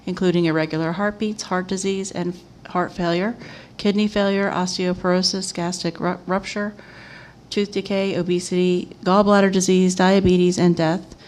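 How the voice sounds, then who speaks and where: A woman chairing a city commission meeting, reading agenda items and a formal proclamation aloud in a steady, even manner. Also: lowish voice, moderate pace, slight background noise.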